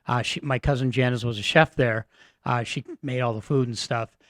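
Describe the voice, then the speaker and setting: A man from Massachusetts, a radio guest, telling a personal story in an earnest, halting way with many fillers. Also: medium pitch, steady tone, a bit bright, dry recording, clean studio sound. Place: radio studio.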